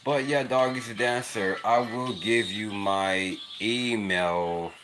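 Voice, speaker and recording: A man's voice: fairly low pitch, takes it slowly, background noise. A young man rambling and laughing in a casual livestream chat with a child nearby. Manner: rambling, repetitive, laughs often. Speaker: livestream host.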